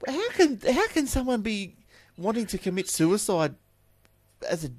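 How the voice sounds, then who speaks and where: A man's voice: sits high, very animated, moderate pace, no room sound. Australian male podcast host, chatty news reader, offhand asides, dry close recording. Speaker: tech podcast host reading news stories. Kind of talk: casual chat and news reading.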